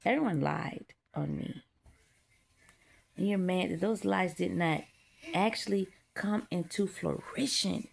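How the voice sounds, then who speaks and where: A woman's voice: fairly low pitch, slow, creaky, slight background noise. A woman delivering a defiant, profane spiritual monologue straight to her audience, hammering her points home. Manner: defiant, profane, emphatic ranting. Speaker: vlogger.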